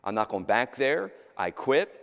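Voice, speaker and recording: A middle-aged male pastor preaching with a lively, swooping delivery that jumps from loud calls to near-hushed asides. His voice rings out through a large church sanctuary with a long reverb tail. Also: mid-range voice, a little slow, gravelly. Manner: animated, swings from loud exhortation to quiet intimacy. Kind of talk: sermon.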